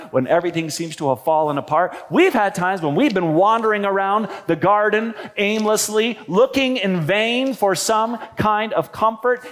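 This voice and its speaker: A man preaching a sermon as pastor in a church, talking in an animated, conversational way with wry humorous asides. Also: sits high.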